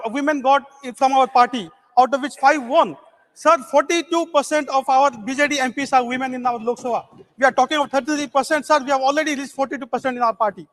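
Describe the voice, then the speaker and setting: A man's voice: very high-pitched, a bit bright. A man from Odisha, giving a formal speech as a member of parliament and starting nearly every phrase with "sir". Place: large legislative chamber. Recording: long reverb of a large chamber.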